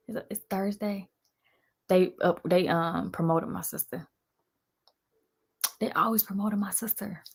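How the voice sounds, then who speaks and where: A woman's voice: mid-range voice, unhurried, long pauses, slightly rough. A young woman, casually telling a story on a live stream and talking straight to her viewers. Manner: animated, sassy, addresses viewers as y'all.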